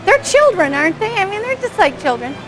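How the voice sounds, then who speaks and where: Woman instructor, high voice, chatty class commentary over home video, music behind. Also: big pitch swings, fairly quick, low-quality recording. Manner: chatty, engaged, asks the audience questions, chuckles often. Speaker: dog behavior instructor.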